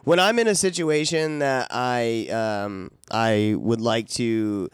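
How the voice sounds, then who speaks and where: Man, smooth slightly high voice, rambling profane podcast chat, dry room. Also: takes it slowly, no room sound. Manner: profane, rambling, laughs often. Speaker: podcast co-host. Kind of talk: casual podcast banter.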